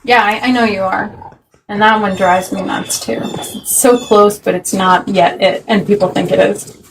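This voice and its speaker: A woman's voice: medium pitch, normal speed, noisy background. A woman hosting a livestream chat, telling stories animatedly and swearing freely. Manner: profane, animated storyteller. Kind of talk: casual heated chat.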